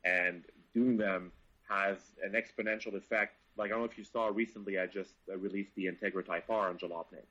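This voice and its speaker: Husky low-voiced enthusiastic man. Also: fairly even intonation, fairly quick, sharp tone, dull audio. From Canada. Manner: enthusiastic, swears freely. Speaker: car reviewer, guest. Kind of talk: casual chat.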